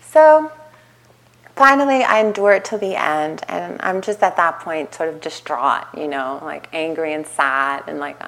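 A woman meditation teacher giving a dharma talk at a retreat center, telling a story with lively acted-out quotes and frequent laughter. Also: sits low, unhurried, poor audio. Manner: animated storytelling, acting out quotes, laughing often.

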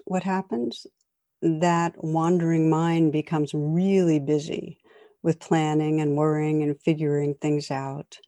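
A woman meditation teacher giving a calm, reflective dharma talk with gentle jokes. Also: low voice, dry recording, studio quality.

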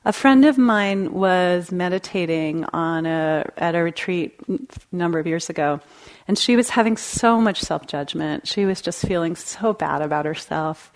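Gentle woman giving a meditation talk. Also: fairly low pitch. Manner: gentle, conversational with light laughter. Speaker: meditation teacher. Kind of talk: dharma talk. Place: meditation hall.

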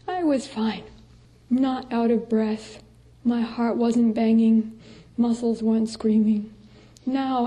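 A woman, a Buddhist nun, giving a dharma talk to a meditation group, gentle and unhurried, sometimes sinking to soft breathy asides. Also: sits high.

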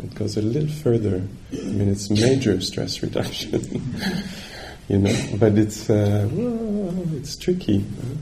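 A man's voice: lowish voice, expressive, takes it slowly, background noise. A man giving a dharma talk as a meditation teacher, searching for words and checking in with his listeners.

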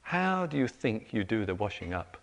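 A middle-aged man giving a meditation talk, telling everyday stories with lively, acted-out quotes. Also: lowish voice, normal speed, vocal fry. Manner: animated storytelling, acts out quoted voices. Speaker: meditation teacher. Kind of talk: dharma talk to retreat audience. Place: retreat center meditation hall. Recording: reverberant hall recording.

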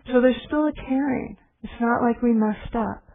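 A middle-aged woman meditation teacher giving a gentle, reflective dharma talk with pauses. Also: on the high side, creaky, a little hiss or hum. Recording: tinny phone-like recording.

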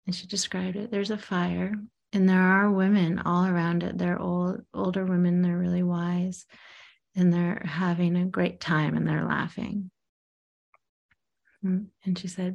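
Woman, meditation teacher type, telling a story in a halting, hushed way; slow delivery. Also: fairly low pitch, little pitch movement, gravelly, lo-fi sound. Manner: halting, soft-spoken, often drops to a whisper. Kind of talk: reflective storytelling.

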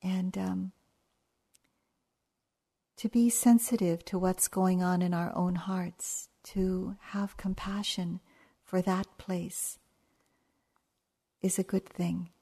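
An older woman gives a dharma talk at a meditation retreat, easing through her stories at a very slow pace. Her voice sits a little low, and her manner is gentle and unhurried, like a teacher who lets each point settle. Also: fairly even intonation, vocal fry, husky. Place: retreat hall.

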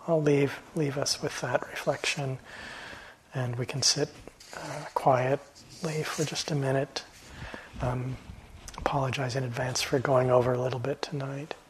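A man teaching meditation in a gentle, reflective dharma talk, halting often and letting phrases trail off softly. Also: mid-range voice, slightly rough, rough recording. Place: meditation hall.

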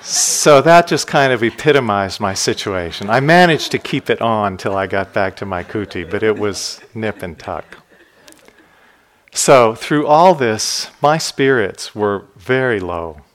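A man who teaches meditation, giving a dharma talk in an unhurried storytelling way. He speaks gently and reflectively, and the ends of his phrases drop soft and low. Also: expressive. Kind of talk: dharma talk with personal stories.

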